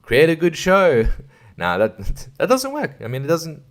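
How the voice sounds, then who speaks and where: A man rambles through a crude solo podcast rant, often breaking into laughter. His voice sits a little high for a man, and he talks loosely, filling gaps with likes and ums. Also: huge pitch swings, measured pace. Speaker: podcast host.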